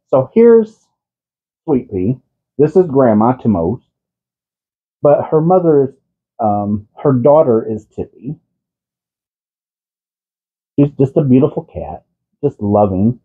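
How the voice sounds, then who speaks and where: At home, this man on a crafting channel coos at his cats in doting baby talk and chats casually with viewers. He speaks slowly in a sing-song, slightly rough medium-pitched voice with long pauses, over tinny, phone-like audio.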